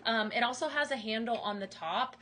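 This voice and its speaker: A woman's voice: on the high side, brisk, background noise. A woman hosting a live home-goods sales stream, upbeat and enthusiastic as she demonstrates products. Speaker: livestream sales host. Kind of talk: live product demo chat.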